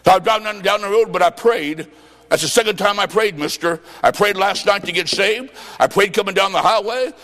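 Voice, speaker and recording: A man preaching a revival sermon in a high voice. He bursts into shouts and then sinks to low, quiet tones. His voice rings with the long reverb of a church sanctuary. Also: fairly quick.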